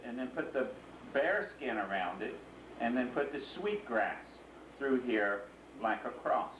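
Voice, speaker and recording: A man's voice: mid-range voice, fairly bright tone, a little hiss or hum. A man patiently explaining customs and telling a story to a child, often asking the listener to join in. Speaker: interviewee and storyteller. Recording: echoey room, mic at a distance.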